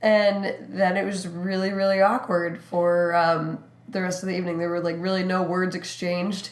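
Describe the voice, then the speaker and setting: A young adult woman co-hosting a podcast, telling stories in a laid-back, unhurried casual chat. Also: fairly low pitch, little pitch movement. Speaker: podcast co-host. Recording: roomy echo.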